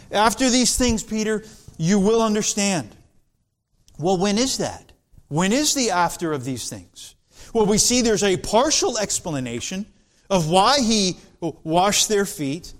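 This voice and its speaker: A man preaching an expository sermon as pastor, slow and deliberate, building to emphatic passages. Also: high-pitched.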